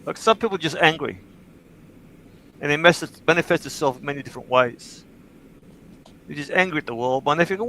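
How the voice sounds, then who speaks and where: A man hosting a livestream, telling stories in casual chat, swearing freely and getting animated in bursts. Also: a little high, a little fast, pauses often, a little hiss or hum, poor audio. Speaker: livestream host.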